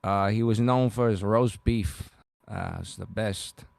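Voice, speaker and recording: A man's voice: on the low side, creaky, a little mellow, no echo, pitched below the performer's own voice. A man putting on a choked-up guy. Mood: sentimental. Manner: halting, choked-up, full of uh's. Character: sentimental Bronx Italian-American man, butcher's son. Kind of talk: comic character bit on a stream.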